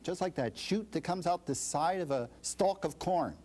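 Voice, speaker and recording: A man with a high, very lively voice explains a scripture passage as an interview guest. He talks emphatically and dramatizes the voices of the people he quotes. His pitch swings widely from phrase to phrase. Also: normal speed. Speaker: Bible scholar guest. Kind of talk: expository interview answer.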